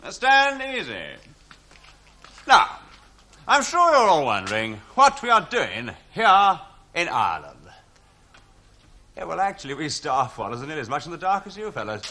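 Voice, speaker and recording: A hesitant staff officer. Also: male voice, fairly high pitch, sing-song, moderate pace, long pauses, sharp tone, heavily acted. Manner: polite, hesitant.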